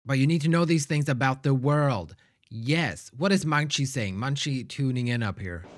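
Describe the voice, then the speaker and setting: A man hosting a reaction video, talking back to the screen in a sassy, animated way. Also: mid-range voice, moderate pace, slight background noise. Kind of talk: casual reaction commentary.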